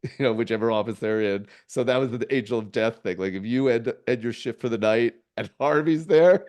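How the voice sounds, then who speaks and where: A middle-aged man, a podcast guest, telling stories in a rambling way with halting restarts and chuckles. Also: mid-range voice, darkish tone. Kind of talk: casual storytelling.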